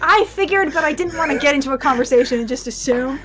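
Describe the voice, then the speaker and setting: High-voiced woman game master. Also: lively intonation, fast, over loud music. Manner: casual, chatty, laughing often. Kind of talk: narrating a tabletop game.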